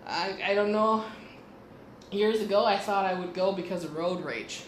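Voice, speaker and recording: A woman's voice: medium pitch, moderate pace, echoey room, slight background noise, low-quality recording. A woman hosting a podcast, telling a story in a blunt, profane and sarcastic way. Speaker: podcast host. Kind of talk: casual storytelling monologue.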